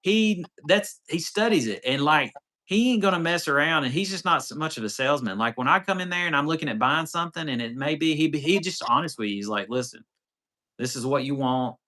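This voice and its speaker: A man's voice: on the high side, lively intonation, fast talker, sharp tone. A man, hosting a casual off-road livestream and telling a rambling story with lots of quoted dialogue. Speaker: off-road channel host.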